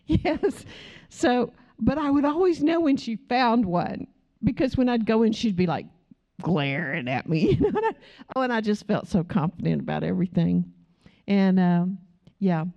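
A middle-aged woman teaching a church Bible study class speaks in a fairly high, very animated voice at a moderate pace, and the audio sounds dull. She teaches through personal stories, chats easily, laughs often, and puts questions to the group.

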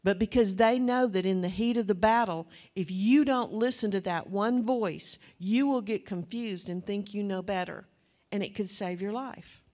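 Older Southern woman, Bible teacher; warm conversational preaching, mid-pitched, folksy storytelling. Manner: conversational, anecdotal, folksy asides. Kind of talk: sermon.

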